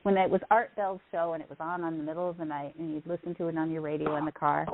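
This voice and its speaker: A woman's voice: sits low, little pitch movement, fast talker. A middle-aged woman telling a long personal story in casual chat, rambling and quoting others as she goes. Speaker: podcast guest. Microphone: phone line. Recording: tinny phone line.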